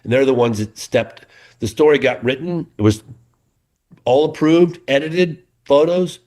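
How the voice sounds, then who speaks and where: A man's voice: medium pitch, a little slow. Earnest middle-aged man telling stories. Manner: animated storyteller, earnest. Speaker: documentary filmmaker, interview guest. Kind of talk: casual interview chat.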